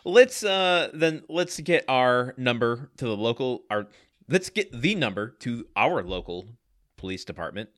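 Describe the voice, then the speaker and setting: A male podcast co-host in casual chat, speaking at a middle pitch with a bright tone. His delivery is lively and varied, broken up by hesitant ums and playful teasing. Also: measured pace.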